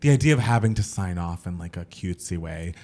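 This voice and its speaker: A young man co-hosting a casual podcast, telling stories with lively acted-out quotes. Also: sits low, fast talker. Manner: animated storyteller, acts out quoted voices. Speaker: podcast co-host. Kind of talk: casual chat.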